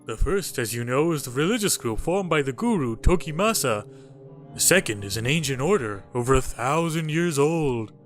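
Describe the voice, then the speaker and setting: A man voicing a courteous, rambling old male historian who talks in a slow, formal way, with faint game music behind. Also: mid-range voice, expressive, close to an everyday voice.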